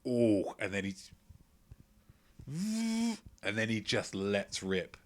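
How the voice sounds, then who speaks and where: A man's voice: fairly low pitch, fairly even intonation, slow. A man hosting a live-streamed quiz from home, reading out chat messages with playful, rambling asides. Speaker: quiz host. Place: at home, indoors.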